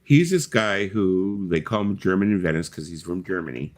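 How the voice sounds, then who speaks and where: A man's voice: low voice, lively intonation, moderate pace. A middle-aged man hosting a casual live chat, telling rambling stories full of fillers and the odd swear word. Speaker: host.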